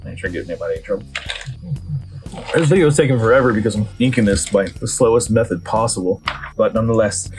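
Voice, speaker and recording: A man's voice: fairly low pitch, expressive, quick pace. A man chatting casually and joking while he draws, rambling and cutting into his own sentences. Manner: rambling, joking, self-interrupting, laid-back. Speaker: artist making a drawing video. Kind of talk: casual chat while drawing. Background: faint guitar background music.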